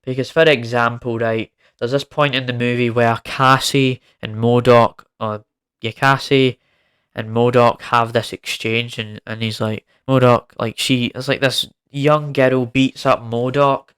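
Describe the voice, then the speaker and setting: A man's voice: medium pitch, steady tone, unhurried, a bit bright, smooth. A man giving a casual, rambling film review, exasperated and prone to repeating himself.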